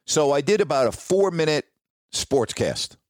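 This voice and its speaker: A man's voice: fairly high pitch, measured pace, no echo. Guy in sports broadcasting telling an old story, casual, restarts a lot, dry mic. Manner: casual, animated retelling with ad-lib restarts. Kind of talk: personal storytelling.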